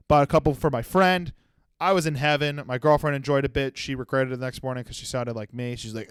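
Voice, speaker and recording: A man's voice: medium pitch, fairly even intonation, fast, clear, resonant tone, no room sound. A man in his twenties hosting a solo comedy podcast, telling rambling, profane stories. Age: 20s. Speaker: podcast host.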